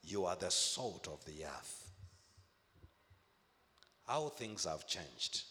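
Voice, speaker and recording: A man preaching a sermon in a slow, deliberate cadence, his low voice swinging widely from high bursts to deep drops. He repeats phrases for emphasis, and his words ring out with a long reverb as if across a large hall. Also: very animated, bright, forceful tone.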